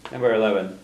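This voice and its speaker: A man with a very low voice teaches a class in a roomy, echoing room. He explains each phrase patiently, repeats it for his students and laughs easily. A faint hiss sits under the recording. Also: a little mellow. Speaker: language teacher.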